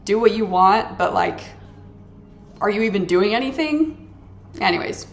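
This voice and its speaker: A woman vlogger talks over her mobile game in a casual, rambling rant, full of exasperated sarcasm and dramatic complaints. Her mid-range voice has a gravelly, fry-edged texture. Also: mid-range voice, animated, unhurried. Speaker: gaming vlogger. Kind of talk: casual ranting chat while playing a game.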